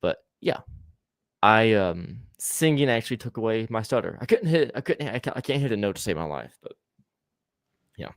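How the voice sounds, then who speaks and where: A man's voice: lowish voice, big pitch swings, moderate pace, no echo. A man hosting a casual podcast chat who stutters now and then, swears freely and laughs often. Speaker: podcast host.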